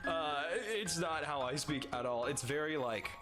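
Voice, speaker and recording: A man's voice: fairly high pitch, normal speed, music in the background. A young adult man streaming live, chatting casually, swearing freely, laughing often and reading chat aloud.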